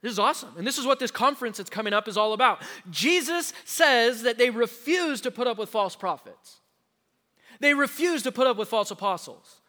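Emphatic male pastor with a very high, forceful voice, preaching with long reverb in a church sanctuary. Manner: emphatic, slows down to stress key words; addresses the congregation directly. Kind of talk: sermon.

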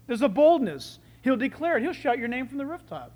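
A male preacher teaching from scripture with lively enthusiasm. He slows down to stress key phrases, then rushes ahead again, and his volume climbs and drops as he goes. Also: very high-pitched, in a large hall. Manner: animated and enthusiastic, with big swings in loudness. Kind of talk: sermon.

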